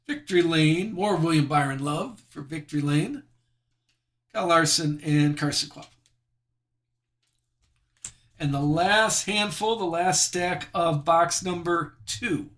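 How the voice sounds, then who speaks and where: A man's voice: on the high side, unhurried, fairly bright tone. A man hosting a live sports card break, chatty and self-deprecating as he reads out each card he pulls.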